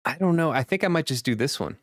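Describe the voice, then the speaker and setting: A man's voice: mid-range voice, lively intonation, fast, no room sound, clean studio sound. A male streamer chatting casually and thinking aloud, rambling with fillers. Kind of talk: casual chat.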